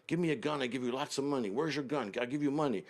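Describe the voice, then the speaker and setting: A man's voice: mid-range voice, quick pace, pitched above the performer's own voice, natural voice. A man voicing a volatile robed male sheik who rants and threatens in broken phrases, then turns into a sly trader. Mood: demanding.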